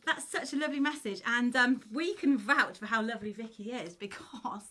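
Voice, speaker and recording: Woman from Cornwall, stream host, fairly high bright voice, laughs through her chat. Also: fairly quick. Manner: giggly, often breaks into laughter; reads out viewer messages warmly. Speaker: musician hosting a live stream. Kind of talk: casual live-stream chat.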